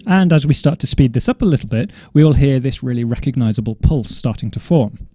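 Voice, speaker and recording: A man teaching drum coordination in a measured, methodical way, now and then correcting himself as he explains. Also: mid-range voice, expressive, warm tone, soft background music. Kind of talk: instructional explanation.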